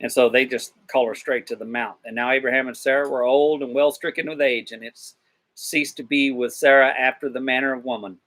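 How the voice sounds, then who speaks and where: A man's voice: mid-range voice, steady tone, brisk, a bit bright. A man rambling through a casual Bible discussion, retelling scripture in slangy paraphrase. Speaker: discussion participant.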